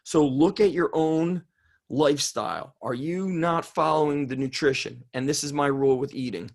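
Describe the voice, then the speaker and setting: A man's voice: fairly high pitch, moderate pace. Blunt, fired-up strength coach guy. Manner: blunt, fired up, swears freely. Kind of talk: casual interview.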